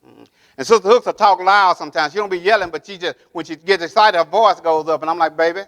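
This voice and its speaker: A pastor preaching in a church sanctuary talks fast in a high-sitting, fairly bright voice. He speaks emphatically, repeats key phrases and keeps asking the congregation whether they're with him, drawing call-and-response.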